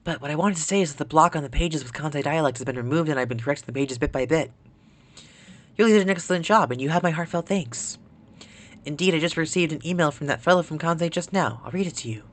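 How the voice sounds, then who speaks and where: Streamer reading as a calm, formal administrator. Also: mid-range voice, quick pace, close to an everyday voice. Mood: grateful. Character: polite, formal site administrator. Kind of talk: reading game dialogue aloud.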